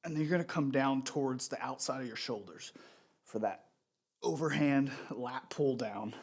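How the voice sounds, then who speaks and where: A man with a stuffy nose leading a live home workout, giving relaxed, encouraging instructions while he exercises in his home gym. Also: mid-range voice, moderate pace. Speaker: fitness instructor. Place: home gym in a converted bedroom.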